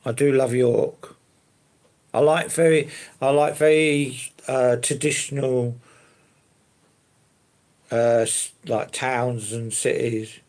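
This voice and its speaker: A man's voice: mid-range voice, steady tone, takes it slowly, pauses often, darkish tone. A man chatting casually on a live stream, answering viewers in an easygoing, rambling way. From London. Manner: easygoing, rambling, fillers and hedges like to be honest.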